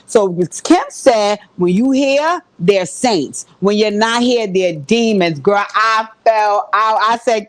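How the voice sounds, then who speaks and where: Woman host, slightly high voice, close and dry; animated profane recap for viewers. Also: moderate pace, dry recording. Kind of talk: casual reality-show recap.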